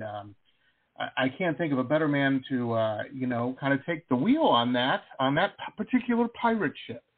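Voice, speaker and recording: Man, host, rambling and eager, husky, lively pitch, phone-quality audio. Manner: enthusiastic, rambling with many fillers. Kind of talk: casual radio talk show interview. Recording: phone-like radio talk line.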